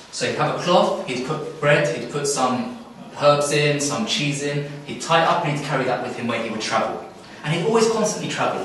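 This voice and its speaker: A young man giving a religious talk at a camp, telling a story in a lively way and acting out the people in it. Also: medium pitch, very echoey, recorded from a distance, slight background noise, poor audio. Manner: animated, acts out characters in the story. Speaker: camp speaker. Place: hall at a youth camp.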